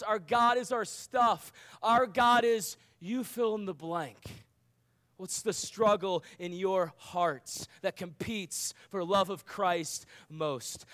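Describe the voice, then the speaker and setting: A man's voice: high-pitched, fairly bright tone. A man preaching a sermon to young people, earnest, with rhetorical questions and emphatic repetition. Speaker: youth pastor.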